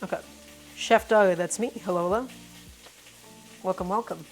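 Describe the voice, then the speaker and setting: A woman's voice: mid-range voice, moderate pace. A woman hosting a casual cooking live stream, talking through each step and greeting her viewers by name. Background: faint music and sizzling pan.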